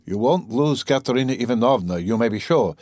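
Reader doing a brooding, peevish young man, middle pitch, dry sound. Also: animated, brisk, darkish tone, no room sound, lightly acted. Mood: tense. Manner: agitated, peevish, probing.

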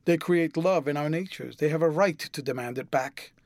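A man voicing an eager, passionate young gentleman who speaks earnestly in an audiobook reading. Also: on the high side, moderate pace, no echo, clean studio sound, close to an everyday voice.

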